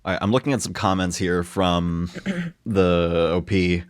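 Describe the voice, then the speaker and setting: A young man with a fairly low voice co-hosts a casual podcast. He reads online posts aloud and banters, often tripping over his words. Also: lively intonation, measured pace. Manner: joking, stumbles over words. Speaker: podcast co-host reading stories.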